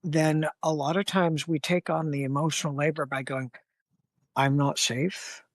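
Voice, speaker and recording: A man talking as a therapist guest, his voice sitting a little high for a man. He is animated and blunt, and he acts out heated exchanges as he explains. The sound is dry and close. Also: moderate pace, dry recording. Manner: animated, acts out angry scenarios with profanity. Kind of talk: conversational interview.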